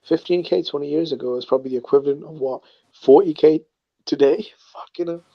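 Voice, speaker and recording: A man's voice: a little high, a little fast, vocal fry, no echo. A man in casual, crude chat who chuckles and asks blunt questions. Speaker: stream chat guest. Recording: dry, dull lo-fi call audio.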